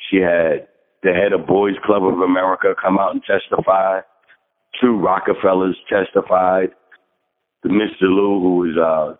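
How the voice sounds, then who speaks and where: Hoarse guy with a really low voice, earnest storytelling, tinny phone line. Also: in a large hall. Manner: earnest storytelling, clears throat often. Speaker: caller. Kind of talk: casual sharing on a group call.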